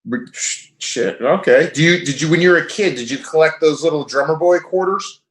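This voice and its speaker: A man's voice: fairly high pitch, moderate pace. A man in his forties, a guest in a casual chat, talking in an easygoing way. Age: 40s.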